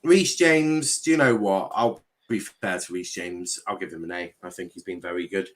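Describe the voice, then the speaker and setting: A man hosts a casual football stream, laughing often as he reads viewer comments aloud. His voice sits fairly low, and he chats in an easygoing way. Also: moderate pace. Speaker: stream host.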